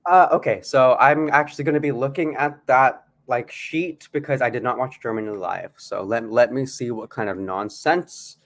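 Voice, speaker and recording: A man co-hosting a podcast in casual chat, animated and playful, laughing often. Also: medium pitch, moderate pace, hardly any pauses. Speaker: podcast co-host.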